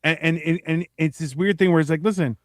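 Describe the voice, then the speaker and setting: A man chatting casually on a podcast, swearing freely and acting out quoted exchanges with lively shifts. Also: a little high, quick pace, no room sound, clean studio sound. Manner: profane, animated, acts out quoted exchanges. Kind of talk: casual chat.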